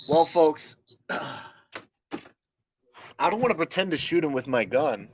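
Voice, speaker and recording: Sitting on a couch at home, a man co-hosts a podcast, chatting playfully and coaxing his dog toward the mic. His fairly high voice is animated but slow, with long pauses and slight background noise.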